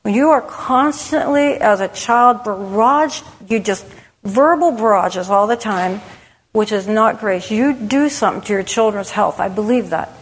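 A woman's voice: medium pitch, unhurried. A middle-aged woman giving a candid personal testimony to a church audience, conversational and frank, with many restarts. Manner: candid, conversational, with frequent restarts and "you know". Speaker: women's ministry speaker. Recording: long hall reverb.

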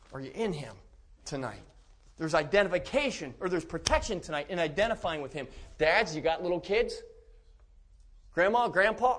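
A man preaching a sermon to a congregation. He talks emphatically and repeats and restarts his words, rising at times to loud preaching. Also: a little high. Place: church.

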